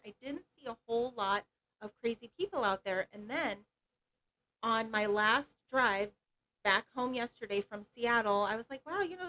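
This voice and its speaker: A woman guesting on a casual podcast, her voice a little higher than most women's. She talks in a relaxed, easygoing way and shares her own stories. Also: rough recording. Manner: easygoing, conversational. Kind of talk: casual chat.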